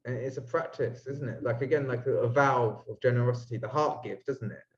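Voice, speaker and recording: A man's voice: mid-range voice, fairly quick, roomy sound, highs cut off. A man guest musing reflectively on spiritual ideas in a casual conversation. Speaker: astrologer guest.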